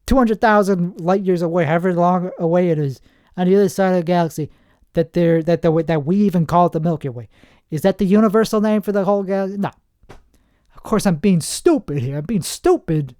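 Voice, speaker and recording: A man hosts a podcast with a rambling, self-mocking comedic monologue, trailing off and restarting sentences. His voice is high-pitched yet dark in tone, at a moderate pace. The podcast microphone gives a clean studio sound with no echo.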